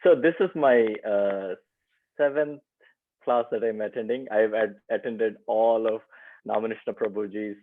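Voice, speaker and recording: A man taking part in an online class, speaking hesitantly with many pauses over a call. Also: lowish voice. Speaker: class participant. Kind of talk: casual sharing. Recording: tinny dry phone-line audio.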